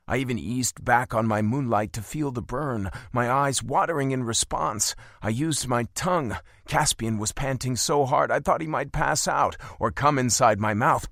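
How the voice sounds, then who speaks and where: A man reading first-person romance narration for an audiobook, with an intimate, expressive delivery. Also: mid-range voice, no room sound, studio quality.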